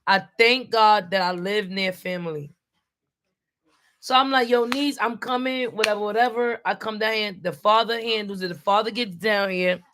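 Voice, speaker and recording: Animated woman telling a story. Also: mid-range voice, moderate pace. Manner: animated, quotes people in voices, streetwise slang. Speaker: parent, vlogger. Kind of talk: casual storytelling while helping with homework.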